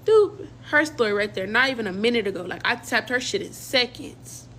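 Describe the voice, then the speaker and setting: A woman's voice: fairly high pitch, animated, fairly quick, fairly bright tone, slight background noise. A young woman casually telling a personal story in slang, acting out quoted dialogue as she goes. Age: young adult.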